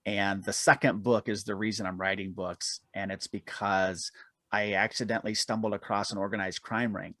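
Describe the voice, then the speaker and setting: A man's voice: fairly low pitch, moderate pace, no room sound. Laughing, self-mocking storyteller man. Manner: animated self-deprecating storyteller, laughs often. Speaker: guest, aerial cameraman and author. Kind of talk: podcast interview storytelling.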